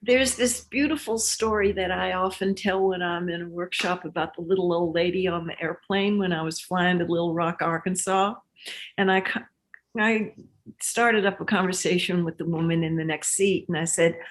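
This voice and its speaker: A woman guest in an interview, a relationship teacher speaking in a measured, reflective, earnest way. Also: fairly low pitch, steady tone. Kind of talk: interview conversation.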